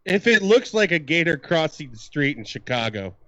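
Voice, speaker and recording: A man's voice: a little high, very animated, moderate pace, fairly bright tone, no echo. Man telling a profane rambling story. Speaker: podcast co-host. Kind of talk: casual podcast storytelling. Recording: dull lo-fi dry sound.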